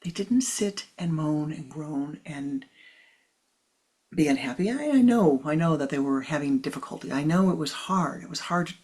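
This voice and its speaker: A woman spiritual teacher giving a talk in a soft, half-whispered delivery. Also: low-pitched, expressive, normal speed. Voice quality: husky, gravelly.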